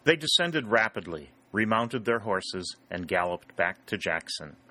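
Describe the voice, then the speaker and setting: Male audiobook narrator, measured, lowish pitch, bright forceful tone. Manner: even, measured storytelling. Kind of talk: scripted narration.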